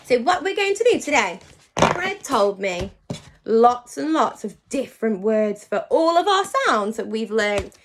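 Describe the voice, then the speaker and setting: Woman, teacher, phonics lesson for kids, slow and very lively delivery, keeps praising. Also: on the high side, slight background noise. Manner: animated and encouraging, praising often; slows down to sound out words. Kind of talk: phonics lesson for young children.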